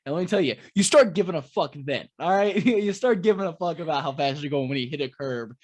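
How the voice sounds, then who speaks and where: Swearing, animated podcast host man. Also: a little high, fast. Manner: animated storyteller, swears freely. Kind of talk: casual chat.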